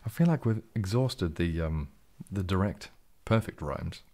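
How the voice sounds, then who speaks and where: A man hosting a relaxed, jokey live stream, reading out and answering viewer comments, a little tipsy from champagne and sometimes dropping into a whisper. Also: low voice, a little slow. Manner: laid-back and jokey, drifting into soft whispers. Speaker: ASMR channel host.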